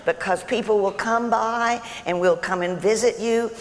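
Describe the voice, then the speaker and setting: A woman's voice: medium pitch, steady tone, normal speed, natural voice. A woman playing a tactless, self-absorbed female visitor to a sick friend, chattering and stammering in a comic stage monologue. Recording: echoey hall, faint room noise.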